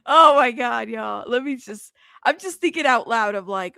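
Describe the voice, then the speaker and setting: A woman's voice: a little high, animated, a little slow, gravelly, pushed and bright, no echo, studio quality. A woman hosting a live stream, chatting casually, reading viewer comments aloud, laughing, and swearing as she reacts.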